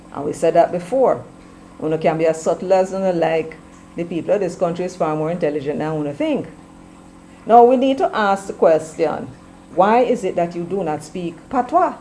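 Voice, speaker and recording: A woman's voice: fairly low pitch, brisk, warm tone, a little hiss or hum, poor audio. Scolding Jamaican woman commentator. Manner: scolding, full of rhetorical questions; switches between English and patois. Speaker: political commentator. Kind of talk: opinion commentary to camera.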